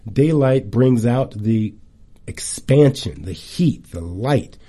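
Middle-aged guy doing a chatty wellness talk, really dark mellow tone, lots of little asides. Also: mid-range voice, takes it slowly, slightly rough. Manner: chatty, animated storytelling with asides. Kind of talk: casual talk to an audience.

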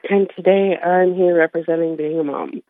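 A woman's voice: lowish voice, steady tone, normal speed, no room sound. A woman guest on a radio show, speaking candidly and with emotion, holding back tears. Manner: emotional, candid, warm with light laughter. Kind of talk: radio interview. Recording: tinny phone line.

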